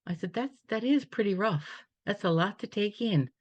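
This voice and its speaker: On a webinar, a woman tells a personal faith story in a reflective, storytelling way, quoting others in dialogue. She speaks at a normal speed with a medium pitch and lively intonation, in dull, dry webinar audio.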